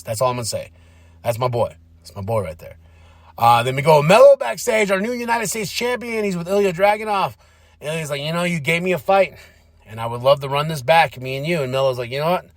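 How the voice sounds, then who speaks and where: A young adult man giving a casual, animated recap of a wrestling show as a podcast host, slipping into playful impressions. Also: on the high side, dry recording, clean studio sound. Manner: animated, slips into playful impressions and sing-song bits.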